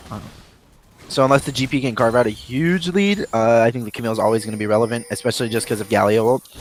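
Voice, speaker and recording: A man's voice: medium pitch, a little hiss or hum. A man from the Houston area casting a live esports match, laid-back and joking, with lots of uh and like. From Texas, Houston area. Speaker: esports caster. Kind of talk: live game commentary.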